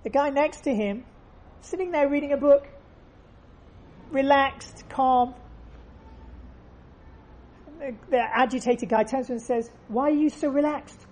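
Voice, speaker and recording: A woman's voice: sits high, unhurried, pauses often, a little mellow. A woman giving an earnest faith lesson, telling stories and repeating phrases for emphasis. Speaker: religious teacher.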